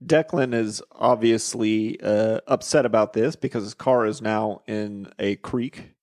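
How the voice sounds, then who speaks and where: A man's voice: lowish voice, measured pace, darkish tone, no room sound, clean studio sound. A man co-hosting a podcast, recapping a movie in casual chat, joking and teasing with frequent laughs. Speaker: podcast co-host.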